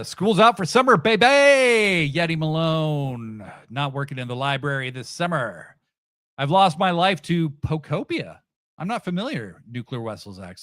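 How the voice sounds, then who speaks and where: A man's voice: mid-range voice, fairly bright tone, dry recording, clean studio sound. A middle-aged man hosting a podcast, chatting casually and sarcastically with many fillers and restarts. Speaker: podcast host. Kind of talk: casual livestream chat, reading chat comments.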